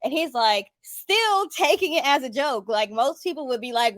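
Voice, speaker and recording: A woman's voice: a little high, very animated, moderate pace, hardly any pauses, fairly bright tone, dry recording, studio quality. A woman telling a personal story in a casual, chatty vlog style, with lots of "like" and "um". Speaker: spiritual vlogger.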